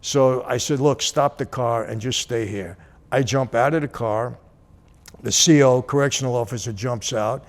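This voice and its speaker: Male host, casual storyteller, lively, acts out the dialogue, mid-pitched voice. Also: normal speed. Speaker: channel host.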